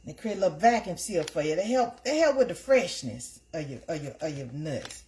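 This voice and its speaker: A woman's voice: on the low side, big pitch swings, a little fast, warm tone. A middle-aged woman hosting a casual live stream from her kitchen, talking to her viewers in a chatty, repetitive way. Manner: chatty, talks to the chat as "y'all", repeats herself. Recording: noisy home stream with crinkling.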